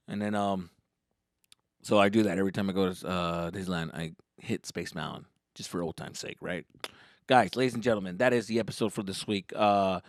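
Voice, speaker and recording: A man hosting his own podcast, telling a comedic story in a loose, profane way, jumping from loud bursts to low mutters. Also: no room sound, studio quality.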